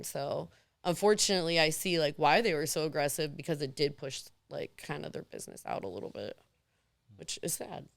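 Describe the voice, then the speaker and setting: A woman in her thirties, a podcast guest telling candid stories in an animated way, acting out the voices of others. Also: low-pitched, creaky, clean tone, no room sound. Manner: animated, acts out quoted voices. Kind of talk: candid storytelling.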